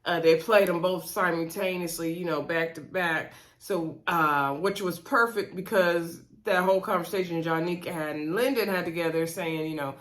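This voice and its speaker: A woman's voice: on the low side, moderate pace, hardly any pauses, a bit bright. A woman recapping a reality show episode in a chatty, sassy way, talking straight to her viewers and laughing between remarks. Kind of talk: casual episode recap commentary.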